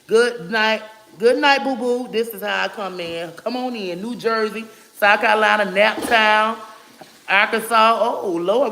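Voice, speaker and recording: A man's voice: sits high, pushed and bright, a little hiss or hum. A man hosting a casual livestream on a phone, rattling off viewers' hometowns with loose, friendly asides and endearments like "baby". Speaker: livestream host. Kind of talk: casual livestream shout-outs.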